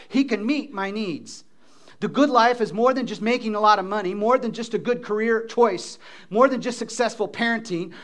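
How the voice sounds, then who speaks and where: A man preaching a sermon as pastor, animated and calling on the congregation to respond. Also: high-pitched.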